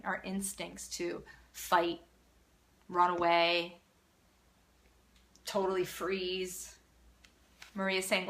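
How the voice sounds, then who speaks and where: A middle-aged woman hosting a live parenting Q&A, answering viewer comments in an earnest, animated way. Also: mid-range voice. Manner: earnest, animated, acts out children's voices.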